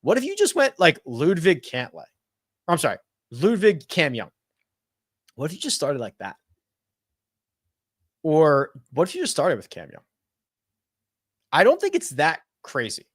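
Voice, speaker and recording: An animated man chats on a live stream, answering viewer questions and thinking out loud. His fairly high voice swings widely in pitch. The sound is dry and close, with no room around it. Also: dry recording. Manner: animated and chatty, thinks out loud with quick self-corrections. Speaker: host of a golf betting and fantasy live chat.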